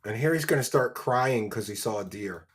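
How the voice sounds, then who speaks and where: A man hosts a live stream and scoffs at the clips he plays. His voice sits at a middling pitch, and he speaks in a loose, conversational way. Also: animated, moderate pace, slightly rough. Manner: sarcastic, mocking. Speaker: host.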